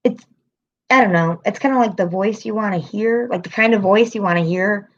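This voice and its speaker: A woman chats loosely on her own livestream, her sentences full of restarts and her talk broken by laughter and swearing. Her voice sits at a middling pitch. The stream audio comes through dull and lo-fi. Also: brisk. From American city. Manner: rambling, chatty, laughs often, swears. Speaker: livestream host. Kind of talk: casual livestream chat.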